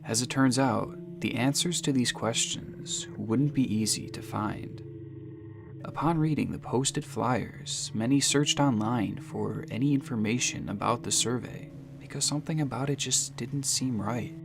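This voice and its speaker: A man giving scripted, suspenseful mystery narration, measured and slowing down for dramatic phrases. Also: mid-range voice, gravelly. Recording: narration over music.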